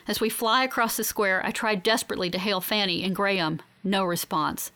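A woman reads a first-person story aloud in an audiobook. Her delivery is measured and even, at a middle pitch for a woman. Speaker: audiobook narrator.

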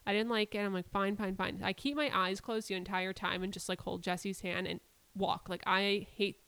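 Casting note: twenties woman, blunt animated storyteller, dry close sound. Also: medium pitch, normal speed, smooth, no echo. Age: 20s. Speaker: podcast co-host. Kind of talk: casual chat.

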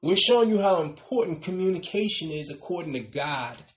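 Male preacher, fairly high voice, emphatic rises and soft trailing asides, echoey room. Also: lively intonation, brisk. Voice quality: repeats "brothers and sisters" with a dropping, quiet tail. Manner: emphatic, rising on key points then trailing off softly. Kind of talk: sermon.

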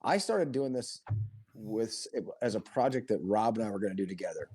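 A man being interviewed as a guest, talking about his film project in an earnest, halting way with frequent restarts. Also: lowish voice, lively intonation, a little mellow, breathy edge. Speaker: guest filmmaker and performer. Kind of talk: casual conversational interview.

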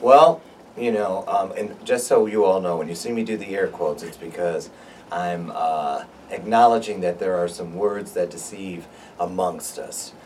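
Man, low voice, joking interview guest, distant mic, faint hiss. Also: a little slow. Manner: playful, joking, animated storyteller. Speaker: guest, public speaking coach. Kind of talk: casual interview chat. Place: radio studio.

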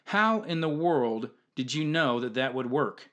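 A man's voice: mid-range voice, animated, a little slow, fairly bright tone. A man voicing an earnest, easygoing teenage boy football player in a spoken story, speaking plainly and sincerely.

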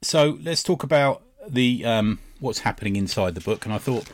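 A man's voice: mid-range voice, lively intonation, moderate pace. A man, co-hosting a casual podcast chat, who laughs often while retelling comic scenes. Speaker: podcast co-host.

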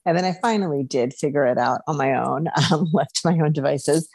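A woman's voice: low voice, brisk, darkish tone, husky, no room sound. A woman co-hosting a podcast, chatting casually about a TV show with frequent laughs and hedging fillers. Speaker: podcast co-host, lawyer. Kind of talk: casual chat reviewing TV.

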